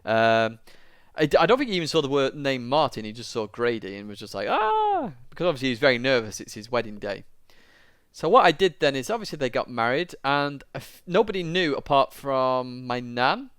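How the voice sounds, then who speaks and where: Smooth-voiced young man telling a story. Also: medium pitch, animated, brisk, a bit bright, no echo, clean studio sound. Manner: rambling, lots of fillers, tearing up at moments. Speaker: YouTuber. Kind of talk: casual vlog storytelling.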